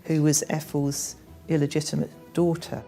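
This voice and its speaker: A woman's voice: sits low, flat delivery, normal speed, warm tone, faint music behind. A woman presenting a documentary, talking in an earnest, thoughtful way with interviewees. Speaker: presenter and investigator. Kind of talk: documentary interview and to-camera talk.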